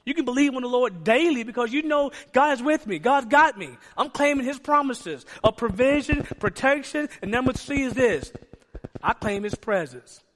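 A man's voice: very high-pitched, lively intonation, moderate pace, few pauses, fairly bright tone. A man preaching a sermon in a church, emphatic, asking the congregation rhetorical questions. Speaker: pastor. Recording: long hall reverb.

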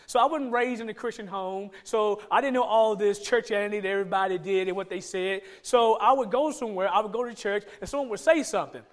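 A man's voice: sits high, quick pace, hardly any pauses. A man, a pastor, giving a conversational sermon, asking many rhetorical questions and joking with the congregation.

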